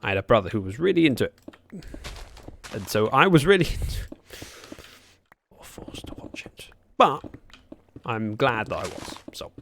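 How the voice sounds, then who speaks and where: A man's voice: medium pitch, sing-song, normal speed, vocal fry, long pauses, a bit bright, slight background noise. Streamer, male, chatty and rambling with viewers; voice swings up and down a lot. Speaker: livestreamer. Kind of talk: casual gaming livestream chat. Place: room at home by a window.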